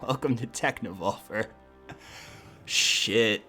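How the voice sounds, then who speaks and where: A young man giving crude, joking commentary over a card video game, swinging from low mutters to loud cheering. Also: slow pace, husky, soft background music. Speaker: gaming YouTuber. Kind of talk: profane gameplay commentary.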